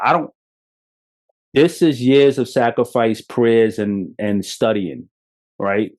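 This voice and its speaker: Blunt, animated Brooklyn man. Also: mid-range voice. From Brooklyn, New York. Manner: blunt, profane, animated storytelling. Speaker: podcast host. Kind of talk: motivational monologue.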